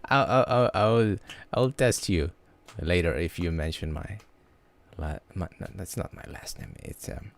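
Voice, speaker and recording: A man chatting casually on a livestream, halting and restarting his words often. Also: deep voice, expressive, gravelly. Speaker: livestream host.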